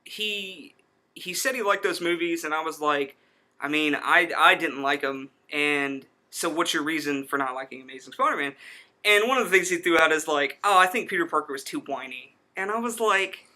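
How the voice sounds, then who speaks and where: Bright-voiced young man rambling. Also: on the high side. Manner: rambling storyteller, quick to laugh. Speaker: podcast co-host. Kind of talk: casual chat.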